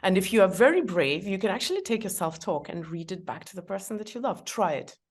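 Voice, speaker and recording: A middle-aged woman, a guest on a podcast, who gives practical advice in a warm, chatty way and laughs often. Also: medium pitch, lively intonation, fast talker, slightly rough. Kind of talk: podcast conversation.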